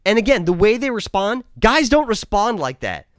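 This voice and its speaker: A man's voice: high voice, very animated, moderate pace, dry recording, clean studio sound. A man reviewing a TV episode in a casual, profane, exasperated rant. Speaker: show reviewer.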